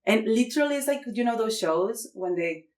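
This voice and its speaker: A woman's voice: fairly high pitch, animated, brisk, darkish tone. A woman from Mexico, a native Spanish speaker with a Mexican Spanish accent, tells a comedic story as a podcast guest, acting out quotes with squeals and laughter. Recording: roomy echo.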